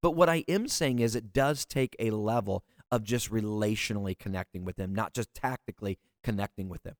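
A man's voice: lowish voice, fairly quick, dry recording, clean studio sound. A man who works as a leadership coach, giving a motivational talk straight to leaders in an earnest, direct way. He often stumbles and repeats words as he presses a point.

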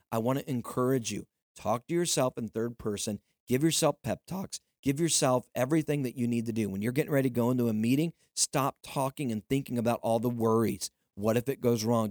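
A man's voice: mid-range voice, darkish tone, no room sound, studio quality. A man hosting a podcast, speaking earnestly and emphatically in a motivational talk, repeating his points to urge the listener on. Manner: earnest, emphatic, repetitive exhortation. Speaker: podcast host.

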